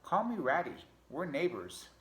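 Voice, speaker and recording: Man putting on a whiny, excitable pack rat. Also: a little high, a little slow, voice pushed up. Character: messy fussy male pack rat neighbor. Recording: echoey room.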